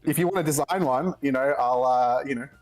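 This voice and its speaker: A man's voice: mid-range voice, fairly quick, faint music behind. A man calling into a live show, chatting in a candid, laid-back way. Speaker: caller. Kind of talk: casual chat over a call.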